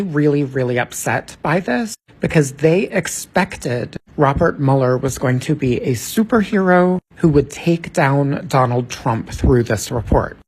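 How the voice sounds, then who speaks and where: A man with a husky voice giving an emphatic, insistent political commentary, repeating words for stress. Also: mid-range voice, a little mellow, low-quality recording. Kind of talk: explanatory commentary video.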